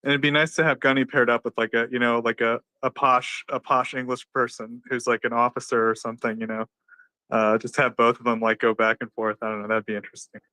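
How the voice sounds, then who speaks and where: A man's voice: mid-range voice, little pitch movement, quick pace, sharp tone, clean tone, no echo. A man hosting casually, rambling and full of "like" and "you know". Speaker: host. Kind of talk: casual chat in a live audio room.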